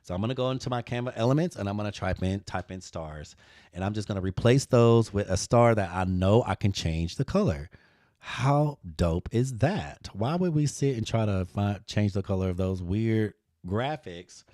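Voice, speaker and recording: A man's voice: on the low side, normal speed, a little mellow, dry recording, studio quality. A man hosting a live design tutorial, talking to viewers in a playful, sassy way.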